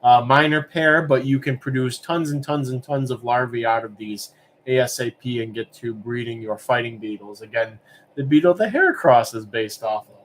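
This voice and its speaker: A man's voice: medium pitch, moderate pace, slight background noise. A man hosting a live-stream auction, chatting casually and rambling with lots of fillers. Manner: relaxed, rambling, many fillers.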